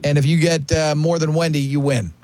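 A man hosting a radio show, running a trivia game with casual, joking banter and quick asides. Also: a little high, level tone, darkish tone, slight background noise.

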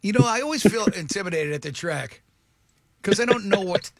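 A man hosting a morning radio show, telling a rambling, self-mocking story in a casual, animated way. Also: sits high, brisk, dry recording, studio quality.

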